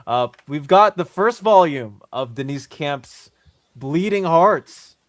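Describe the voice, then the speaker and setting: A man's voice: a little high, lively intonation, slow, no room sound. A man on a casual comics panel chat, making dry, wry remarks before introducing the next book. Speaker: podcast co-host.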